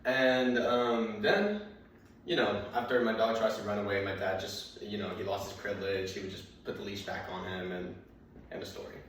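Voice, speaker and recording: A man's voice: on the low side, steady tone, moderate pace, fairly bright tone, a little hiss or hum. A young man doing stand-up comedy, telling a rambling, profane story and acting out his dad and his dog. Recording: very echoey room, mic at a distance.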